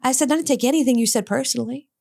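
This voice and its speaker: A woman's voice: high voice, rapid-fire, creaky, darkish tone. A middle-aged woman, an addiction specialist, telling a story in an interview, acting out both sides of the dialogue with blunt, cursing energy.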